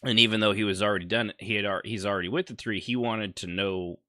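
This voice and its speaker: A man's voice: fairly low pitch, steady tone, fast, bright, forceful tone, no echo, studio quality. A man hosting a casual podcast, recounting roleplay game events in a rambling way with plenty of fillers. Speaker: podcast host.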